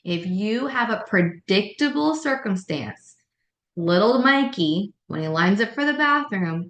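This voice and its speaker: A woman's voice: mid-range voice, a bit bright. A woman leading a childcare staff meeting, giving direct, practical tips on classroom management. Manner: direct, practical, coaching tone with quoted classroom lines. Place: meeting room. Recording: echoey meeting room.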